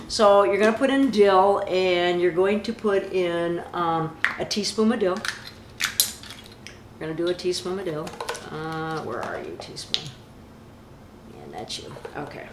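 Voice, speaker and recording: A woman's voice: fairly low pitch, roomy sound, a little hiss or hum, poor audio. A woman hosting a home cooking video, chatty and enthusiastic as she walks through each step. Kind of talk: casual cooking demonstration.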